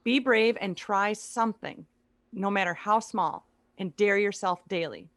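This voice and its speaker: A woman, an author and speaker, guesting on a podcast in casual chat, quick-witted and upbeat. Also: medium pitch, fairly bright tone, dry recording.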